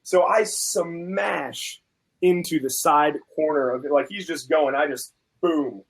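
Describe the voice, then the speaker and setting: A man on a video call tells a personal story in casual chat. His voice sits slightly high, and he moves back and forth between his own lines and the voices of the people he is quoting, with plenty of animation. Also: slow, breathy edge, poor audio. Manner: animated storytelling, acts out both sides of a dispute.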